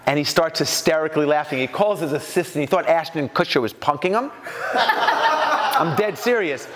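A New York man, animated and slightly high-voiced, gives a storytelling keynote at a business mastermind, slipping into the voices of people he quotes. He speaks at a moderate pace, and the recording has a big-room sound with heavy background noise.

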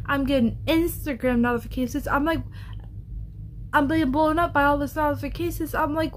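A woman's voice: high voice, fairly even intonation, moderate pace, slight background noise. Blunt, cursing woman on a vlog rant. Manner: blunt, profane, ranting. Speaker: YouTuber.

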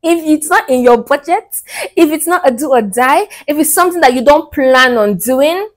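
A young woman giving casual relationship advice to men, lively and blunt, acting out the people she quotes. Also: high voice, normal speed. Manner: animated, mocking quoted voices, laughs.

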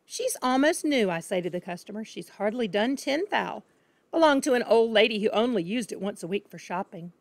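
A woman voicing a boastful, crooked car-dealer father who brags loudly about his tricks. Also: medium pitch, expressive, brisk, dry recording, natural voice. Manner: blustering, bragging, shouting.

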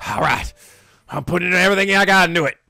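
A man's voice: high voice, quick pace, creaky, sharp tone, no echo, soft background music. A man giving casual gameplay commentary, joking and swearing with frequent outbursts. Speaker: gaming video host.

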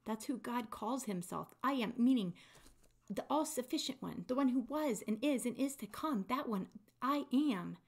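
A woman's voice: on the high side, expressive, normal speed. A woman leading a casual online Bible study, reading scripture and explaining it in a conversational, enthusiastic way, acting out the quotes.

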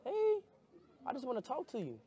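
A young man chatting excitedly on a vlog, his voice sitting very high and swooping up and down with lively energy. He talks loud, bursts into shouts, and keeps the energy wild throughout. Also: a little fast, slightly rough. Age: young adult. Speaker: streamer.

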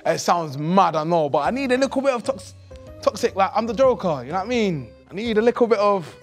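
A man's voice: sits high, animated, brisk, soft background music. A young man with a London accent, chatting and teasing on a blind date in a cheeky, slangy way. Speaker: blind dating contestant. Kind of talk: casual chat.

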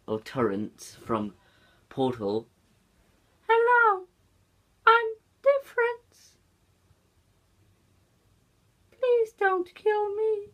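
A young man chatting casually for a vlog, rambling and swearing often. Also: mid-range voice. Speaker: YouTuber.

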